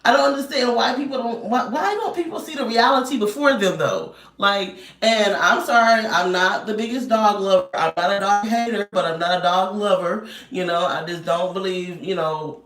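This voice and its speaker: A woman in her thirties telling a story in a loud, animated rant and laughing often. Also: medium pitch, a little fast, hardly any pauses, faint music behind. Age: 30s. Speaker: vlogger. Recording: roomy echo, distant mic.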